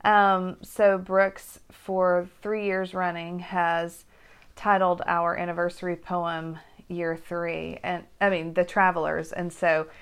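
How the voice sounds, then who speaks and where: A middle-aged American woman co-hosting a casual chat with her husband, gentle and reflective, with many hesitations. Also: lowish voice, level tone, takes it slowly, clear, resonant tone. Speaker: co-host, wife. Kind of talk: casual chat, poem reading.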